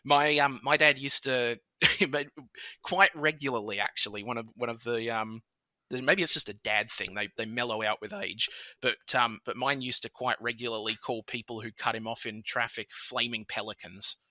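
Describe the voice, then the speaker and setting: Bright-voiced Australian man in his thirties. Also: mid-range voice, moderate pace, dry recording. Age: 30s. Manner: animated, laughs often, puts on voices for quoted people. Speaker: podcast host. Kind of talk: casual chat.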